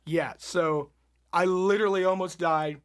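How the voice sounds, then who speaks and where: A man telling a story as a podcast guest, animated and laughing often. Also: sits high, unhurried. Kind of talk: casual storytelling.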